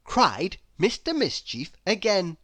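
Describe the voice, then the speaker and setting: A woman reading a children's picture book aloud, in an expressive storyteller manner. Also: medium pitch, no room sound. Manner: expressive, animated reading with slow pacing.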